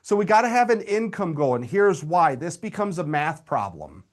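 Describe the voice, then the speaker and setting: A man, coaching real estate agents in a live webinar, energetic and direct with his audience. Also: a little high, moderate pace. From Indiana, USA.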